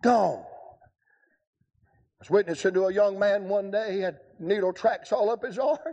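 Emphatic high-voiced revival preacher. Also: male voice. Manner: emphatic, swings from quick asides to drawn-out shouted lines. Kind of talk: revival sermon.

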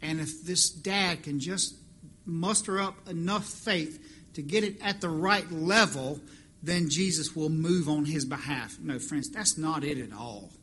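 A man's voice: on the high side, a little slow, bright, forceful tone, husky. A man preaching a sermon as pastor, impassioned and rising to emphatic peaks. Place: church fellowship hall.

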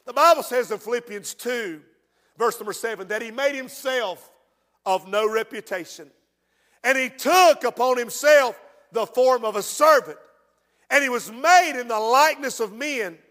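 A man preaching a fervent sermon, dropping to a hush and then rising to shouts. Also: very high-pitched, expressive, moderate pace. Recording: long reverb in a large hall.

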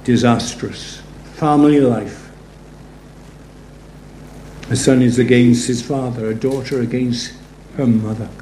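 A man's voice: mid-range voice, steady tone, takes it slowly, pauses often, mellow. A man preaching a sermon in a conversational, storytelling way, full of rhetorical asides. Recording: roomy echo, faint background noise.

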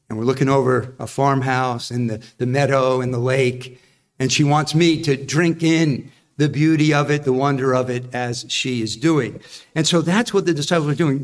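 A man's voice: a little high, moderate pace. A man preaching a sermon who acts out the voices in his quotes and puts questions to the congregation. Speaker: pastor.

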